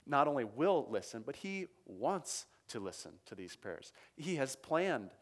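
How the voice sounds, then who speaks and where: A preacher's mid-range, sing-song voice moves unhurriedly through a conversational scripture lesson. Reading verses aloud with emphasis, he regularly checks in with the people listening.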